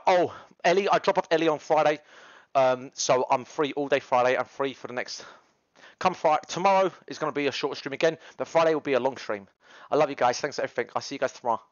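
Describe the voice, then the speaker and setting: A British man rambles through a story for his livestream, full of slang and swearing. His pitch swoops up and down constantly, and the sound is dry and somewhat muffled, like lo-fi stream audio. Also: no room sound. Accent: British English. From United Kingdom. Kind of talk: casual livestream chat.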